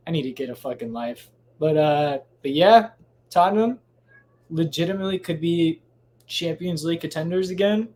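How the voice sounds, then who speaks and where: The speaker is a man hosting a solo podcast late at night at home, his voice on the high side and a little mellow. He rambles loosely, cursing often, starting over, and wandering off on tangents.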